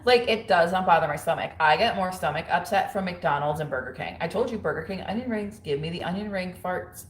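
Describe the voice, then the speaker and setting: A chatty woman in her thirties talks casually to her livestream viewers from home. Her voice sits low, and the room adds a noticeable echo. She is frank, full of fillers, and quick to laugh. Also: expressive. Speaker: livestream host. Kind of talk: casual livestream chat reading viewer comments. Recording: roomy echo.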